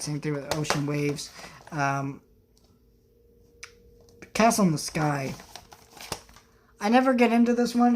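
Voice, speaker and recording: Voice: mid-range voice, darkish tone, slight background noise. Rambling young movie vlogger at home. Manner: rambling, talks while handling discs. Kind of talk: casual vlog chat. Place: home, indoors.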